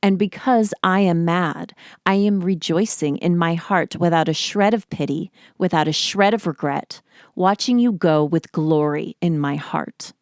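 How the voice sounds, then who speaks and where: A woman's voice: lowish voice, a little slow, a little mellow, dry recording, studio quality. A woman reading as a wronged wife gone cold. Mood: cold fury. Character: wronged young wife turning on her husband.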